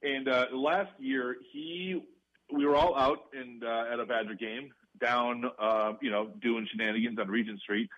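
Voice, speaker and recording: Husky Midwestern radio co-host, rambling. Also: male voice, mid-range voice, fairly even intonation, normal speed, a bit bright, lo-fi sound. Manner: rambling, laughing, trailing off with fillers. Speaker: sports talk radio co-host. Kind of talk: casual radio banter. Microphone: studio radio mic.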